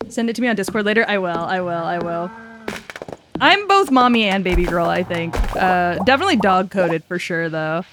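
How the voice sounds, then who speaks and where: A woman's voice: lowish voice, lively intonation, fairly quick, over music. A young woman streaming and chatting casually with her viewers, loose, giggly and self-mocking. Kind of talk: casual chat with a live chat.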